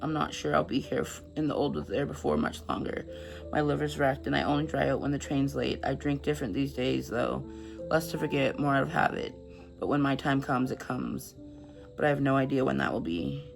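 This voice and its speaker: Woman with a creaky gravelly voice reading a book out loud and gushing about it, stumbles on words, faint music behind. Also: extremely low pitch, expressive, a little fast. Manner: stumbles over words while reading aloud; emotional, effusive chatter. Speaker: book reviewer.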